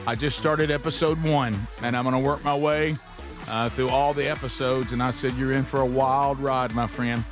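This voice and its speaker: A man's voice: medium pitch, fairly even intonation, normal speed, over music. A man hosting a talk show, chatting casually and folksily with his co-hosts, full of "uh" and "um". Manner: folksy, filler-heavy, calls co-hosts by name. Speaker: radio show host. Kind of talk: casual morning show banter.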